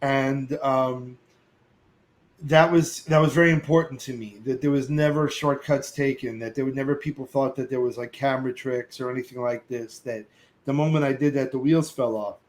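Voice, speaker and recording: A middle-aged man, a podcast guest, telling a lively anecdote, acting out other voices and cursing casually. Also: mid-range voice, moderate pace, poor audio. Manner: lively storyteller who acts out other voices and sings snatches; curses casually. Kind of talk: animated storytelling.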